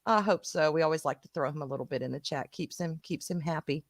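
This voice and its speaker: A woman with a Southern US accent speaks fast in a low-sitting voice, with no room sound. Co-hosting a casual livestream, she greets her chat and calls viewers sweetheart and honey with a giggle.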